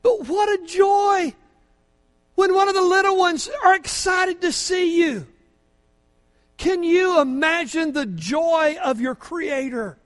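An older man preaching a sermon as pastor, fervent, moving from quiet asides to shouting praise, in a church. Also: very high-pitched, slow. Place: church sanctuary. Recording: long hall reverb from a church.

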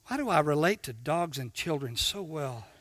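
A man preaching a sermon, swinging from shouts to hushed tones and acting out little dialogues with God. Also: on the high side, expressive, normal speed, noisy background. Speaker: pastor.

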